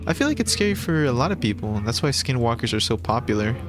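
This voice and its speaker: A man streaming a game, reading its text aloud with stumbles and restarts and gushing excitedly about it. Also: mid-range voice, fast talker, over music. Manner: excitable, gushes over the game. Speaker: gaming streamer.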